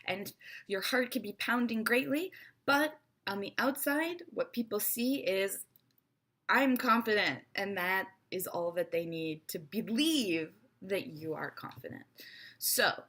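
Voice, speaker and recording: A woman teaches an online English lesson in an expressive, playful manner. Her voice sits at a middling pitch, and she speaks straight to her viewers as if they were her own students. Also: unhurried.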